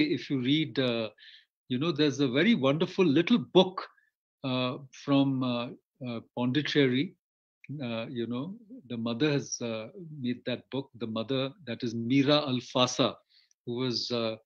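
A man's voice: medium pitch, measured pace. A man with an Indian English accent giving a storytelling lecture in a rambling way, with many fillers and restarts. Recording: muffled lo-fi audio.

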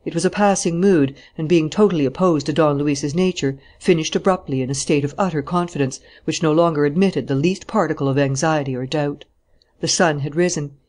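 An audiobook narrator reading a novel in a steady, even storytelling manner. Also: mid-range voice, brisk. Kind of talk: scripted narration.

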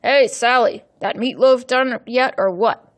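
A woman putting on a loud, gruff bully of a stepfather, barking orders and threats in a storybook reading. He snarls and yells, raising his voice well above the narration. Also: medium pitch, normal speed. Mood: shouting angry.

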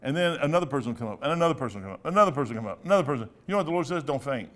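A man's voice: a little high, lively intonation, rapid-fire, a bit bright. A man in his sixties, a pastor with a Midwestern American accent, preaching a sermon in a folksy, rambling storytelling way with asides. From United States. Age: 60s.

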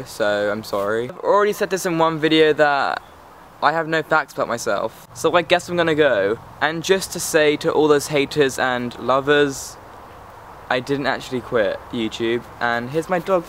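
A man's voice: mid-range voice, animated, normal speed, fairly bright tone, a little hiss or hum. A teenage boy from England, chatting to camera outdoors in a sarcastic, rambling, easily distracted way. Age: teens. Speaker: vlogger. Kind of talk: casual chat to camera.

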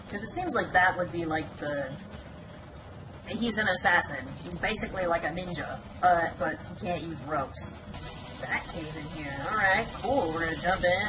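Playful young woman commenting on a game. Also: on the low side. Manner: playful, teasing, laughs often. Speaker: gameplay commentator. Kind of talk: let's play commentary. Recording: home recording with clear background noise.

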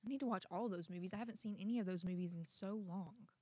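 A woman's voice: mid-range voice, fast talker, a little mellow, husky, no room sound. A young woman hosting a prank-call show, chatting in a rambling, self-questioning way. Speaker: host. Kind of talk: casual chat.

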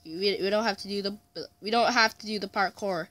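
A man narrating his gameplay in a bright, forceful voice. He chats along, mutters and swears mildly when things go wrong, and taunts opponents with yelled challenges. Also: high voice, steady tone, fairly quick. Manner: mutters frustration, mild swearing. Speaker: gamer. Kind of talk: let's play commentary.

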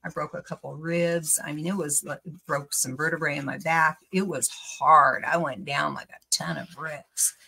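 A woman's voice: low voice, fairly even intonation, normal speed, creaky, few pauses, bright, forceful tone, slightly rough. A middle-aged woman hosting a crafting video, chatting in a rambling, storytelling way with frequent laughs. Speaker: crafting channel host. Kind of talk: casual chat while crafting.

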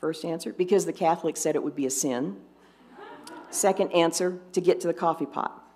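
Low-voiced woman telling church jokes. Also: dark tone, slight background noise. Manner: dry, unhurried joke-telling with restarts. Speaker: lay presenter. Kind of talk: sermon with jokes. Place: congregation fellowship service.

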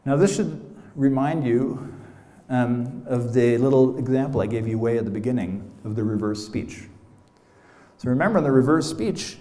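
A man's voice: medium pitch, warm tone. A middle-aged man with an American accent giving an academic lecture, chatty and playful, with frequent "you know" asides. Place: lecture hall. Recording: roomy lecture hall sound.

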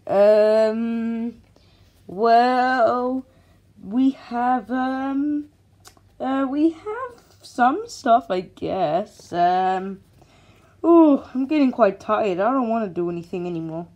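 A woman's voice: on the high side, expressive, extremely slow, a little mellow, lo-fi sound. A woman voicing baby Sonic, a lazy, blunt male hedgehog, in a homemade toy skit, talking in an offhand mumble.

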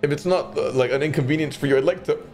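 A man's voice: a little high, fast talker, darkish tone, faint music behind. A man streaming slot games, who keeps up profane, joking commentary and talks back to the games as he plays. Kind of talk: casual gambling commentary.

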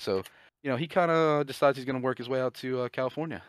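A man co-hosting a podcast, casually pitching a movie plot in a rambling, profane way and briefly voicing the characters. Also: clean tone, no echo. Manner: profane, rambling, acts out characters' lines in quick asides. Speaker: podcast co-host.

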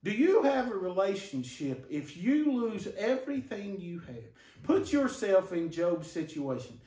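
High-voiced preacher in an echoing church. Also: male voice, sing-song, measured pace, dark tone, recorded from a distance. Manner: rhetorical questions to the congregation. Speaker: pastor. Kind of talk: sermon. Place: church sanctuary.

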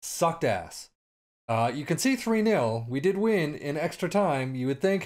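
A man's voice: fairly high pitch, lively intonation, measured pace, darkish tone. A man casually commenting on his own soccer management game, sarcastic and rambling, sometimes slipping into a mock announcer voice. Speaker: gaming commentator.

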